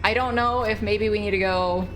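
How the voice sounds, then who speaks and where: A woman's voice: medium pitch, steady tone, normal speed, fairly bright tone, a little hiss or hum. Foul-mouthed woman streaming a horror game. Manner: exclamatory, swears, talks back at the game. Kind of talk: live gameplay commentary.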